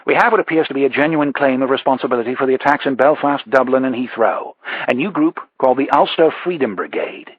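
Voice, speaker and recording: A man voicing a gruff, impatient male executive producer who barks orders. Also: medium pitch, fast talker, dry recording, natural voice. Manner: brusque, barking orders. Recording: dull lo-fi audiobook recording.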